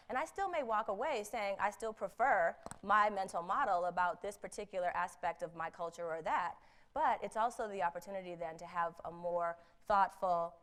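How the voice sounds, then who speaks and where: A woman speaker on intercultural competence, telling a personal story in a lively way, acting out the people she quotes and laughing at herself. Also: on the low side. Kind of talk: storytelling talk.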